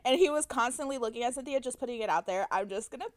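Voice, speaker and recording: A woman's voice: fairly high pitch, rapid-fire, no echo. A young woman co-hosting a podcast, chatting casually and telling stories in a teasing, dramatic way. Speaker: podcast co-host. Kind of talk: casual chat.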